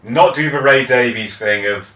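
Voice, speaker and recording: Animated man chatting in an echoey room. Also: medium pitch, normal speed. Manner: animated, excitable storyteller. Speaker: podcast co-host. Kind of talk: casual music chat. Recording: echoey room, distant mic.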